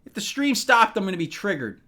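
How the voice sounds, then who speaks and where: A man's voice: high voice, very animated, brisk, sharp tone. Rambling male streamer chatting to viewers. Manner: rambling, talks to chat by name, tipsy from bourbon. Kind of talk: casual live-stream chat.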